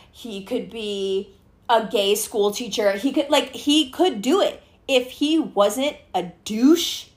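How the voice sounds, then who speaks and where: A woman hosting a casual chat, animated and swearing freely as she acts out what people say. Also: on the high side.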